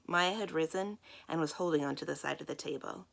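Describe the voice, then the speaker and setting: A woman's voice: sits low, normal speed, gravelly, hardly any pauses, a bit bright. A woman librarian reading a children's novel aloud, giving the characters their own voices. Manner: acts out the characters' lines in voices. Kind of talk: children's book read-aloud.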